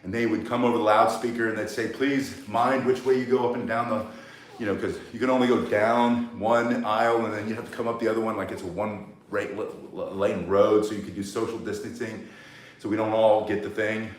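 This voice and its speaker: A man's voice: on the low side, fairly even intonation, brisk. An older man teaching cane self-defense outdoors, blunt and rambling, with joking asides. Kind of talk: live outdoor workout lesson. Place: outdoors in the sun. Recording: roomy echo, mic set at a distance.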